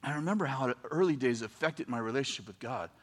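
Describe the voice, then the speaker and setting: A man preaching a sermon, swinging from quiet scripture reading to loud, excited shouting, with animated storytelling. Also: medium pitch, quick pace. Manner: animated storytelling with voiced asides.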